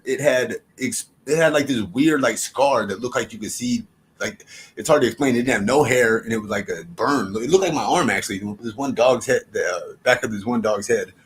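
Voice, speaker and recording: A man's voice: medium pitch, a little hiss or hum. A man livestreaming, telling a story casually to his chat in a profane, rambling way with frequent restarts.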